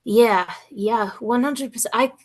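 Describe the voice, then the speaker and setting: A woman's voice: a little high, unhurried, slightly rough. A young woman guest speaking candidly and emotionally in an interview, with some swearing.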